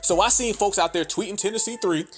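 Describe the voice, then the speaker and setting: A man with a high-pitched voice rants on his podcast, cursing freely and hammering every point. He keeps calling his listeners family, and faint music sits behind him. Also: quick pace. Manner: profane, emphatic, addresses listeners as family. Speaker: podcast host. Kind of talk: ranting commentary.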